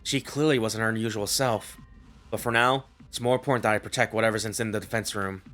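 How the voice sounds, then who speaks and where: A man's voice: lowish voice, steady tone, quick pace, fairly bright tone, soft background music. A man streaming a game, muttering anxiously to himself and reading the story aloud. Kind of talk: casual gameplay commentary and read-aloud.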